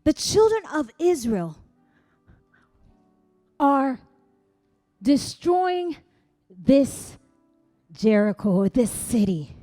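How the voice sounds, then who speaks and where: A woman pastor preaching a sermon, building to loud shouts with dramatic pauses. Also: high-pitched, very animated, faint music behind. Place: church hall.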